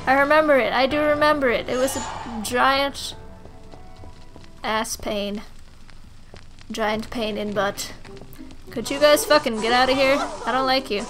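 A woman's voice: sits high, measured pace, long pauses. A tipsy young woman giving brash, foul-mouthed let's-play commentary as the host. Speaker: gaming host. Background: game music.

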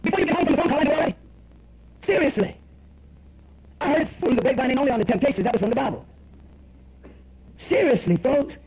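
A man's voice: very high-pitched, animated, quick pace, pauses often, a little mellow. A man preaching a rousing, colloquial sermon as pastor, firing questions at the congregation in a church. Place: church sanctuary. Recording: dull lo-fi church sermon recording.

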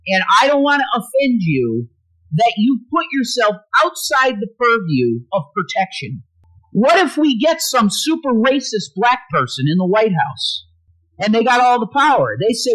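A man's voice: very high voice, very animated, normal speed, rough recording. A man hosting a livestream, ranting angrily with constant swearing. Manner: angry profane ranting, swings loud and quiet. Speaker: livestream host.

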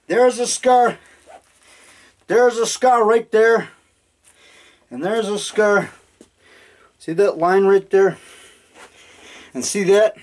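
A man in his fifties rambling excitedly through a home video in his basement, now and then growling mock monster roars. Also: sits high. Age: 50s. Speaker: independent horror filmmaker. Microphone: handheld digital camera.

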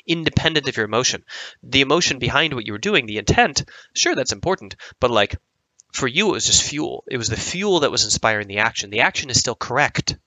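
Bright-voiced man coaching with emphatic repetition. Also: medium pitch, no room sound, poor audio. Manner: emphatic, repeats lines, lots of fillers. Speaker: sport psychology coach and show host. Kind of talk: answering viewer questions, casual monologue.

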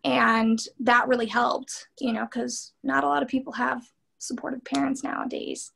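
An earnest woman in her thirties recounts her path as an interview guest, her voice sitting a little higher than most. She talks in a candid, animated flow, full of "like" and "you know". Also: moderate pace, gravelly, husky. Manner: earnest and animated, many fillers. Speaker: interview guest, PhD student and therapist.

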